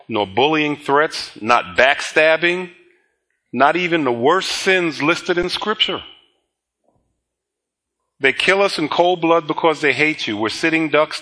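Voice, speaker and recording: A middle-aged male pastor preaching a sermon, slow and deliberate with emphatic repetition and chuckling asides. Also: a little high, bright, forceful tone.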